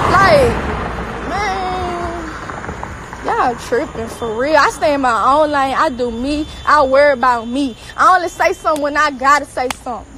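A high-pitched woman vents in a heated rant, swearing freely and circling back to the same points. There is a faint background hiss under her voice, with a casual, unscripted feel. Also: moderate pace. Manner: profane, heated, repetitive. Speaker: celebrity girlfriend. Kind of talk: angry social media rant.

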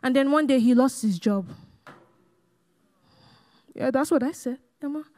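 A young woman with a Nigerian accent and a high, bright speaking voice delivers a sermon-style testimony. She tells her story with animated energy, laughing often and acting out the dialogue for the crowd. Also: unhurried. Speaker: guest speaker sharing a testimony.

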